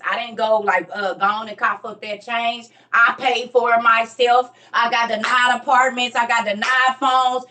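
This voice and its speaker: A woman in her thirties telling a personal story with rising passion, sometimes near shouting, in casual dialect speech. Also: on the high side. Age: 30s. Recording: voice distant from the mic.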